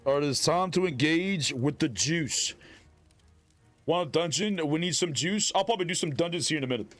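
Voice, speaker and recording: A man live-streaming to his chat, talking in a slightly high voice with loud, animated energy and bursts of shouting. Faint music plays softly behind him. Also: moderate pace.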